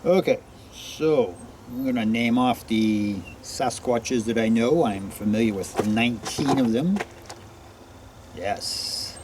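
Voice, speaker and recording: A man vlogging outdoors in a forest, greeting unseen listeners one by one and answering for them in a quieter voice. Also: medium pitch, slow pace, background noise. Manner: greets each name, then answers himself in a quieter voice. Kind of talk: casual talk to unseen listeners.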